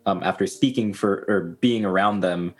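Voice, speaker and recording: A man's voice: low voice, normal speed. A man playing a tabletop game, stammering and laughing often as he talks. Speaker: player. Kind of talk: casual tabletop role-play.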